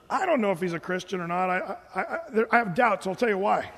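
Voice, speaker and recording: A pastor with a high-sitting voice preaches fast in a large hall, barely pausing. His sermon is conversational and animated, and he mimics what his listeners say in mock voices.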